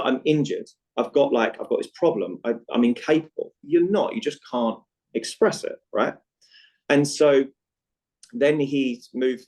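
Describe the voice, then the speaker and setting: Animated man telling a client story. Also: mid-range voice, poor audio. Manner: animated, repeats "right?" to check in, acts out dialogue. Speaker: guest, movement coach for chronic pain. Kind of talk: conversational podcast storytelling.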